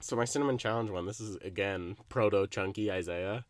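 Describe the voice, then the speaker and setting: A young man co-hosting a podcast, telling stories in a casual chat, animated, often laughing and swearing. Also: on the low side, brisk, no echo. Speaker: podcast co-host.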